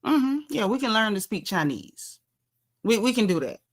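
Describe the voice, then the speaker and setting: A Southern US woman runs a casual livestream, reading out viewer comments and answering with blunt, sassy, dialect-rich chatter. Her voice sits on the high side, sing-song, at a normal speed.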